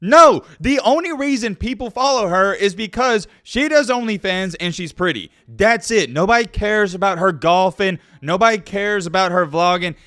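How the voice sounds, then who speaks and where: A man's voice: high voice, expressive, moderate pace, few pauses, pushed and bright, no echo, clean studio sound. A man giving a preachy, exasperated rant in a commentary vlog. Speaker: commentary YouTuber.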